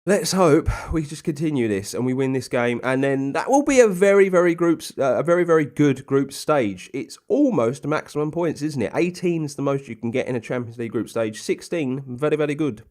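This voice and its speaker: A man's voice: on the high side, lively intonation, a little fast, hardly any pauses, a little mellow. A young man casually commentating a football management game, chatty and rambling with plenty of ums and asides. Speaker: gaming commentator.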